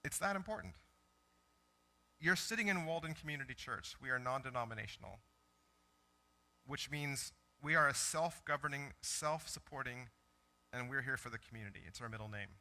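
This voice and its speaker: Bright-voiced pastor preaching conversationally. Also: male voice, medium pitch, moderate pace, long pauses. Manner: conversational, animated storytelling with self-corrections. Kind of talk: sermon. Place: church sanctuary.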